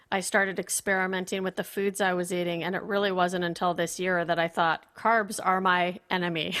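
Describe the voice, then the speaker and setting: A woman guest on a podcast, talking candidly and telling her story in an animated, casual way. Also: on the low side. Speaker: podcast guest, performance consultant.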